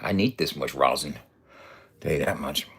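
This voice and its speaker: A man's voice: extremely low pitch, moderate pace, vocal fry, fairly bright tone, breathy edge. A man in his fifties talking casually in a loose, profane, boastful way and laughing often. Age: 50s. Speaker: vlogger. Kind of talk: casual rambling vlog.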